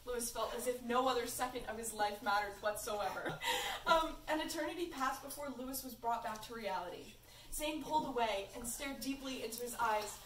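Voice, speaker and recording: A woman's voice: on the high side, a bit bright, far from the mic. Young woman reading fan fiction aloud. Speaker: reader. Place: room at a birthday party. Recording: echoey room from afar, faint noise.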